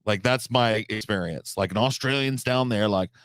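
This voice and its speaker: A deep-voiced man from the United States hosting a live stream. He rambles casually in a blunt way and swears freely. His voice is low, and the close, dry sound has no room echo. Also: moderate pace, hardly any pauses, fairly bright tone.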